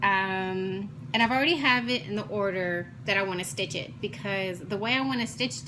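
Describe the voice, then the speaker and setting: A fast-talking woman, gushing over each craft project she shows. Her chat runs quickly and jumps from one thing to the next, in a mid-range voice over a faint hum of room noise. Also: medium pitch. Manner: fast, chatty, jumps between topics; excitable, gushing. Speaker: cross-stitch vlogger.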